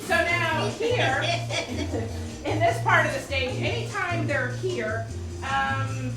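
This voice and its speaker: An upbeat woman host explains improv games and calls for audience suggestions. Her voice is fairly high. She sounds distant in a very echoey hall. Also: animated, slow pace, music in the background. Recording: echoey hall miked from afar.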